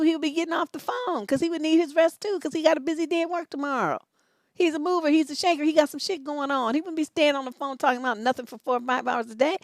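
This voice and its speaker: Woman, relationship coach, sassy and profane, high voice, dry close sound. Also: no room sound. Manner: profane, sassy storytelling with mocking impressions. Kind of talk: blunt sermon-style monologue.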